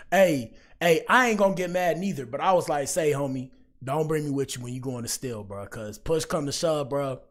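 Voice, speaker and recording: A man's voice: on the high side, moderate pace. A man talking casually to his chat as a livestream commentary host, rambling and slangy. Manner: rambling, slangy, addresses chat often with "bro".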